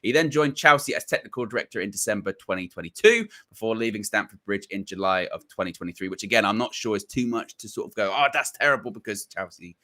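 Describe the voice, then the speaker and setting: Host, man, bright voice, news rundown then casual chat. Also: lowish voice, fast talker, few pauses. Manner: reads news then chats with frequent laughs.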